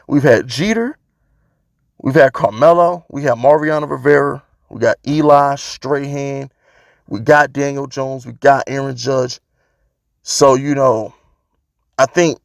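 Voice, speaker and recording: A man's voice: fairly high pitch, creaky, dry recording, clean studio sound. A man vlogging about his football team, talking casually and emphatically, repeating his points to drive them home. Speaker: sports fan vlogger. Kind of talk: casual opinion rant.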